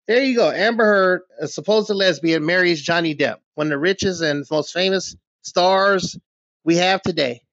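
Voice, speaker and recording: A man's voice: high-pitched, moderate pace, fairly bright tone, no room sound. A middle-aged man ranting on his small commentary channel, heated, scornful and full of swearing. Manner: heated, profane, scornful rant. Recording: dull, dry lo-fi recording.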